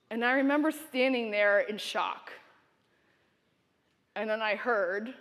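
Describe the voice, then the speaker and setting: A woman giving a keynote speech, telling a story in an animated, dramatic way. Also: a little high, slow pace. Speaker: keynote speaker. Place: conference hall. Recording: reverberant hall.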